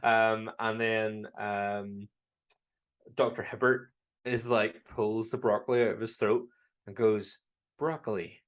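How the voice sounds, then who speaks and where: A man's voice: on the low side, little pitch movement, slow. A Northern Irish man co-hosting a podcast in casual chat, animatedly retelling scenes, dipping into character voices and laughing often. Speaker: podcast co-host.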